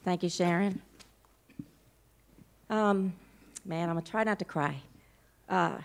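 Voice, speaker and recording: Emotional, smooth-voiced woman minister introducing a guest. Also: lowish voice, takes it slowly, pauses often. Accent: American. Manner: warm, emotional and informal, with playful asides. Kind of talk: church introduction. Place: church.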